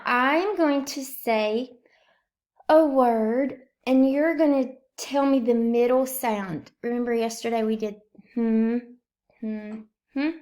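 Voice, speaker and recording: A woman's voice: on the high side, a little mellow. A woman teaching a phonemic awareness drill at home, stretching out each word and asking children to blend or split syllables. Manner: slow, drawn-out word prompts. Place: home kitchen.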